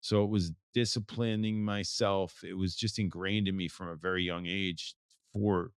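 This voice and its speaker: Low-voiced man talking in loose, restarting sentences. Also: steady tone, normal speed, clean tone, no echo, clean studio sound. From United States. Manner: rambling, with many restarts and fillers. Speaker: photographer, guest. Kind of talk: casual interview talk.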